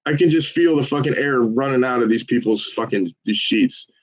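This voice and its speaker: A man volunteering as a phone banker, chatting casually and swearing between calls, then switching to an upbeat salesman's pitch on the phone. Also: normal speed, poor audio. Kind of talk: casual livestream chat with live phone calls.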